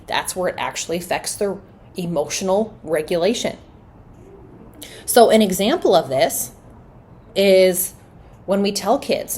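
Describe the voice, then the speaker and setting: A woman's voice: mid-range voice, a little mellow, a little hiss or hum. Earnest woman hosting a parenting podcast. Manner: earnest, conversational, asks rhetorical questions. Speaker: podcast host. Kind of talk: solo podcast monologue on parenting.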